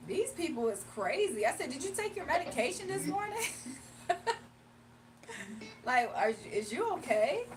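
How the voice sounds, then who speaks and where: A woman's voice: sits high, a bit bright, recorded from a distance, a little hiss or hum. A woman hosting a livestream in casual chat, mocking and blunt, laughing often. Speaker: livestream host.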